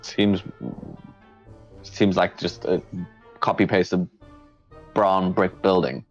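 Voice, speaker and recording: A man's voice: deep voice, little pitch movement, takes it slowly. A man narrating as game master in a tabletop game, describing scenes in a casual, descriptive way with small restarts. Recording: dull lo-fi stream with faint music.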